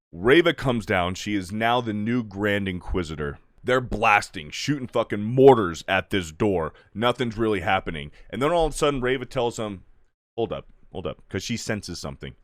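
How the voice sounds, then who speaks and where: A man's voice: lowish voice, no room sound, studio quality. A man giving a casual, exasperated review full of swearing, now and then mocking characters in put-on voices.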